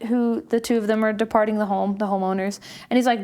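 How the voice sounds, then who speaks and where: Animated woman retelling a film. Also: on the high side, moderate pace, few pauses, smooth. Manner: animated retelling, acting out characters' lines. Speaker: podcast guest. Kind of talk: casual chat.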